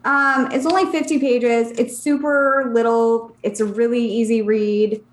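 A woman co-hosting a podcast, describing self-help books in an easy, hesitant chat. Her voice is a little high and sounds roomy, with echo around it. She pauses often with "um". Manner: relaxed, hesitant, many "um"s. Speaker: podcast co-host. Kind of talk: casual chat about books.

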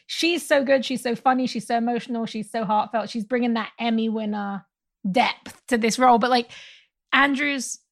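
A woman's voice: a little high, moderate pace, vocal fry. Enthusiastic woman gushing in casual chat. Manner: enthusiastic, heavy use of "like". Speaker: podcast co-host.

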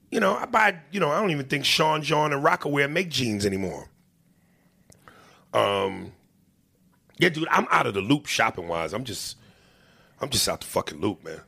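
A man hosting a casual, profane chat, talking loud and animated and swearing freely. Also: mid-range voice, normal speed, vocal fry, pauses often, slightly rough.

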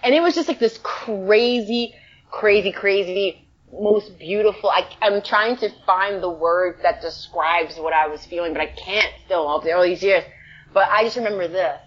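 A woman from the Bronx, an actress telling a story in a casual interview, emotional and animated, full of "like" fillers. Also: medium pitch, moderate pace. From the Bronx, New York. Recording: dull lo-fi sound.

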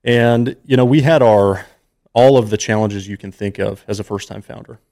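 A man's voice: on the low side, steady tone, moderate pace, vocal fry, mellow. A man in his thirties, a podcast guest, telling a personal story in an earnest, emotional, conversational way.

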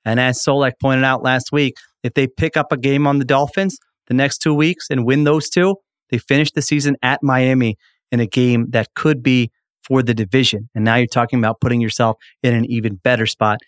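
A man co-hosting a sports podcast, relaxed and steering the conversation to breaks. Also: mid-range voice, brisk, smooth, no room sound, clean studio sound. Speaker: podcast co-host. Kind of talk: casual sports podcast chat.

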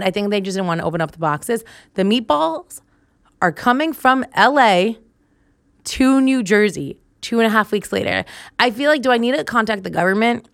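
A woman's voice: mid-range voice, expressive, fairly quick, fairly bright tone, dry recording. Woman, podcast host, chatty storytelling, frequent laughs, dry close mic. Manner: chatty storytelling, laughs often, dramatic outbursts. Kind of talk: solo podcast monologue.

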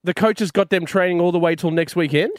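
An Australian man co-hosting sports radio, excitable and quick with asides. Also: sits high, no echo, clean studio sound. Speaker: radio co-host.

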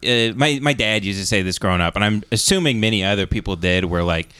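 A man co-hosting a comedy podcast, riffing in a rambling, deadpan way. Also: on the low side, fast, clear, resonant tone. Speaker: podcast co-host. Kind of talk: casual comedy chat.

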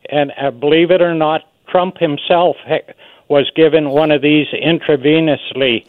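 A man's voice: a little high, steady tone, normal speed, no echo. A man calling in to a radio show, insistent as he lists treatments. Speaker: caller. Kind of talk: radio call-in. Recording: tinny phone line.

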